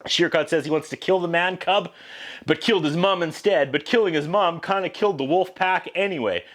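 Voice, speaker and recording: A man's voice: fairly high pitch, brisk, a bit bright. A man hosting a video review show, giving sarcastic, wisecracking commentary. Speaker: VHS reviewer. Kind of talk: casual commentary.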